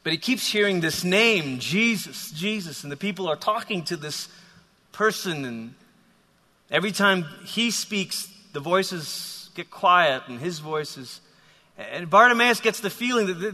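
Bright-voiced preacher in a big hall. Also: male voice, high-pitched, moderate pace. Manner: animated storytelling, frequent restarts. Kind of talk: sermon. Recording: long hall reverb.

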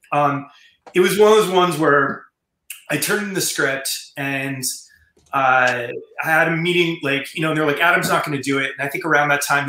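Rambling man with a bright voice. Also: a little high, reverberant, poor audio. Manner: rambling, many fillers and restarts. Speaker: screenwriter guest. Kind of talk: casual storytelling in an interview.

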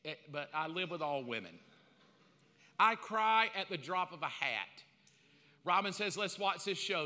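A man preaching a sermon with comic asides, bursting into loud acted-out calls now and then. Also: high voice. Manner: comic, animated, acts out quotes in loud bursts. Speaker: pastor. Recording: long hall reverb.

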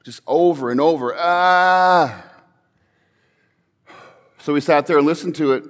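A man's voice: fairly high pitch, quick pace, darkish tone. Earnest male preacher in a reverberant hall. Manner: earnest storytelling, rising to emphatic calls. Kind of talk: sermon.

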